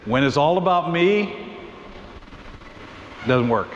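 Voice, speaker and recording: A man's voice: fairly high pitch, animated. A man leads a Bible class at church, explaining at an easy conversational pace with restarts and asides. The recording is muffled, with a long reverb and a faint hiss behind him. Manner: conversational, thinks aloud with restarts and quick asides.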